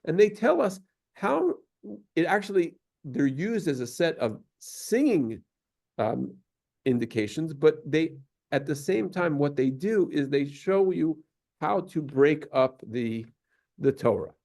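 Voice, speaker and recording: A man's voice: a little high, sing-song, a little slow, creaky, a little mellow. A man giving a patient, explanatory lesson at a synagogue, now and then singing short examples. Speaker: synagogue teacher. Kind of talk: explanatory lesson on Torah cantillation.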